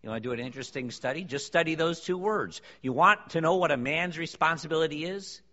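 With a fairly high, sharp voice and a quick pace, a man preaches emphatically to his congregation, posing rhetorical question after rhetorical question. Expect long reverb from the hall and a dull, lo-fi sound.

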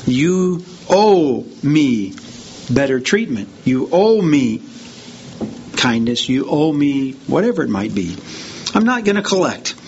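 A man's voice: big pitch swings, slow pace, darkish tone. Man preaching, lifting his voice on scripture. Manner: rises in pitch and volume when reading verses aloud; conversational asides between readings. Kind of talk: sermon reading and explaining scripture. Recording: dull lo-fi sound with faint noise.

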